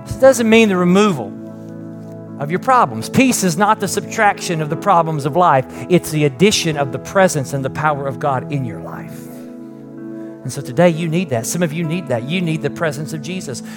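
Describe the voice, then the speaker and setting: High-voiced pastor preaching to his church. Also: moderate pace, over music. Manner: conversational preaching with rhetorical questions; rising emphatic peaks then soft prayerful close. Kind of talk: sermon. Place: church with live congregation and online stream.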